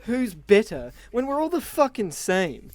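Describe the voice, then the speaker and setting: Easygoing young podcast host. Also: male voice, high voice, measured pace. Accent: Australian or New Zealand. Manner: relaxed, curious interviewer. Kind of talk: casual podcast chat.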